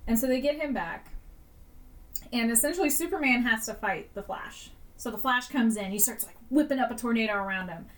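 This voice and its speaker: A woman's voice: on the high side, fairly quick, far from the mic. A woman co-hosting a podcast in casual chat, retelling scenes animatedly with frequent laughter and casual swearing. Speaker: podcast co-host.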